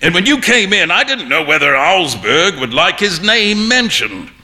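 Male reader doing a jovial, booming painter; bright, lively, teasing. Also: moderate pace, exaggerated voice. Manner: loud, laughing, teasing. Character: boisterous jovial man-about-town painter.

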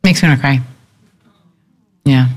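A woman's voice: extremely low pitch, unhurried, slightly rough. A woman in her fifties talking as a guest in a candid conversation, reflective and earnest, laughing easily. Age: 50s.

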